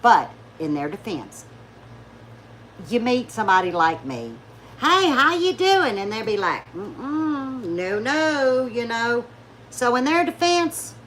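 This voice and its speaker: A woman's voice: medium pitch, a bit bright, slight background noise. A woman telling folksy stories to her viewers in a chatty way, laughing often and acting out the people she talks about. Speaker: YouTube vlogger. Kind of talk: casual storytelling chat to viewers.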